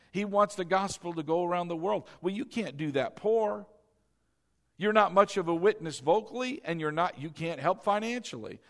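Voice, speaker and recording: Preaching as pastor in a church sanctuary, a man urges on his congregation, repeats key lines, and asks them questions. His voice is high and a bit bright, with a long hall reverb on the recording.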